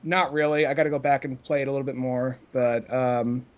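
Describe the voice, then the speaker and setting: A man's voice: mid-range voice, fairly even intonation, fairly quick, dull audio. A man co-hosting a casual podcast, rambling and laughing as he talks. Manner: rambling, laughs often, mimics voices in quotes. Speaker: podcast co-host.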